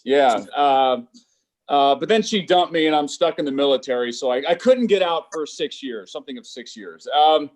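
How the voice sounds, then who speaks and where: Male stand-up comic on a video call; high voice, halting delivery, lots of ums. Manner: halting, stammering delivery with many fillers. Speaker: stand-up comedian. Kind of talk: stand-up set on a virtual show. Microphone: computer mic on a video call.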